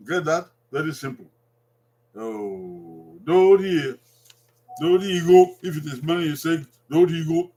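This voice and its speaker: A man with a Nigerian accent giving a language lesson, repeating each word slowly and drawing it out for learners. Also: a little high, lively intonation, mellow. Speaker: language teacher.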